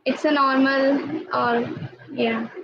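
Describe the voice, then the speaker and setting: A woman's voice: high voice, fairly even intonation, takes it slowly, gravelly, dull audio, slight background noise. A woman, a student answering politely and hesitantly on a video call. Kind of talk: lesson practice.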